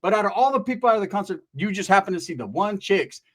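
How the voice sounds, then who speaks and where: A man's voice: sits high, expressive, fast. A young man telling a crude, slangy comic story, tagging lines with "right?".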